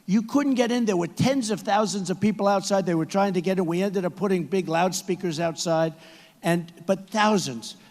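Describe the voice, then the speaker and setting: A man giving a campaign rally speech to supporters in a big arena, repetitive and boastful, often rising to shouts. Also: high voice, normal speed. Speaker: political candidate addressing supporters. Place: large indoor arena. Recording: echoey arena sound from a PA.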